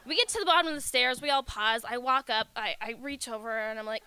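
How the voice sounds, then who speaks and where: A woman's voice: high voice, quick pace, few pauses, bright, forceful tone, a faint crowd. A young woman from the United States telling a story on stage in a casual, self-mocking way, swearing freely and laughing through the telling.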